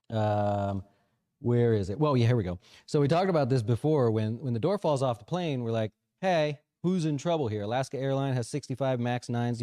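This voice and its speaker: Animated man chatting about the markets. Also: mid-range voice, no room sound, clean studio sound. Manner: chatty, animated, says "right?" often. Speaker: financial advisor show host. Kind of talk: casual market commentary.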